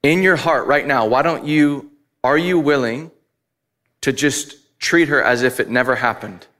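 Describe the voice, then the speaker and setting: A man's voice: medium pitch, measured pace, bright, forceful tone. A married man preaching a sermon, telling a personal story candidly and building to emphatic points. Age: adult, married. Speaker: pastor.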